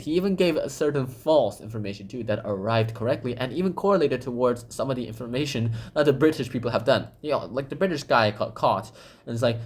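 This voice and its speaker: Rambling man summarizing a book. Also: mid-range voice. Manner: rambling, filler-heavy. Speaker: book summary channel host. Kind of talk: casual spoken book summary.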